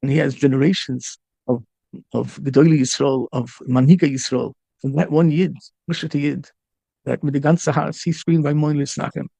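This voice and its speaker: Gravelly, impassioned male rabbi preaching. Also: mid-range voice, steady tone, moderate pace, dark tone, no room sound. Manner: impassioned, repeats and restarts phrases; mixes in Hebrew and Yiddish terms. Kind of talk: storytelling sermon.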